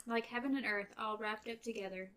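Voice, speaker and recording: A woman giving a torn young woman, soft and pleading, a bit high, read from a book. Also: fairly even intonation, a little fast, natural voice. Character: young woman torn between love and duty. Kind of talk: reading a novel aloud.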